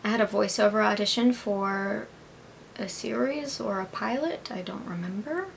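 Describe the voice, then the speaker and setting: A woman's voice: medium pitch, moderate pace, vocal fry, slight background noise. A young American woman, an actress, hosting her own vlog and chatting casually as she answers viewers' questions, upbeat and full of "like". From United States. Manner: chatty and upbeat, with frequent "like" and "I believe".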